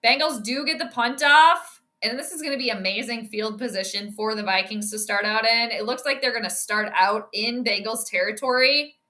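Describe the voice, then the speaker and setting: A woman's voice: fairly high pitch, moderate pace, few pauses. A young woman giving casual live commentary on a football game, chatting with her viewers and reacting to each play. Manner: chatty, reacts loudly to plays, talks to viewers. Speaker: astrology sports streamer.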